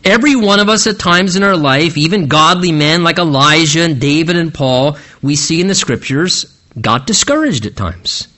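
A man's voice: fairly high pitch, lively intonation, normal speed, bright, forceful tone. A man preaching an expository sermon, retelling the story dramatically and asking the listeners rhetorical questions.

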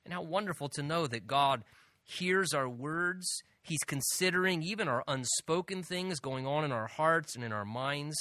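A pastor teaching a sermon verse by verse, earnest and emphatic, moving between soft asides and loud stresses. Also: male voice, a little high, moderate pace, no echo, studio quality. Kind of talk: expository sermon.

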